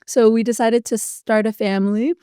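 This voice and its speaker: Chatty woman with a mellow, dry voice. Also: fairly high pitch, fairly even intonation, clean tone, no room sound. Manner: chatty, quick, lots of likes and quoted dialogue. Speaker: podcast guest. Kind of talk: casual interview chat.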